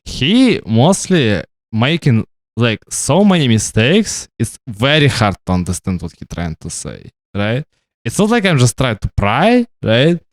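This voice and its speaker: A man's voice: mid-range voice, sing-song, a little slow, dry recording, studio quality. Guy rambling over his game, stumbles on words a lot, bouncy up and down voice. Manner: rambling, stammering, tags "right?" often. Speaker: gamer streamer. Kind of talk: casual commentary while gaming.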